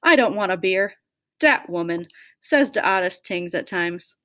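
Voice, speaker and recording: A woman's voice: mid-range voice, expressive, unhurried, sharp tone. A woman voicing a teasing older grandfather with a North Dakota reservation accent, dropping th sounds in a sing-song lilt.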